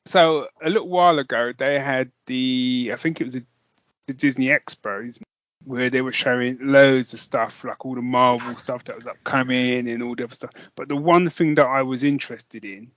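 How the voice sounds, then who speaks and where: British male podcast co-host, excitable and rambling, mid pitch, dull dry lo-fi mic. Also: moderate pace, no room sound. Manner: enthusiastic, rambling, laughs often. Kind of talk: casual chat.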